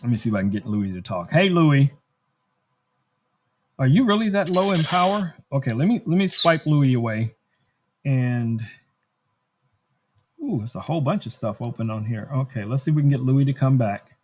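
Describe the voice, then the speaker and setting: A man's voice: medium pitch, expressive, normal speed, pauses often, a little mellow. A man hosting a casual live-stream tech demo from his studio, chatty and thinking aloud as he works. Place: home studio.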